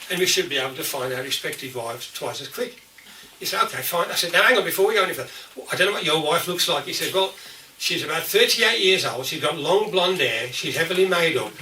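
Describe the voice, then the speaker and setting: Older black country bloke doing a comedy story set, highish voice, echoey distorted club recording from a way off. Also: male voice, bright, forceful tone, a little hiss or hum. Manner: chatty, laughing through his jokes, stammering restarts. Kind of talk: comic storytelling to a live audience. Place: folk club room. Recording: distorted, roomy live recording from a distance. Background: audience laughter.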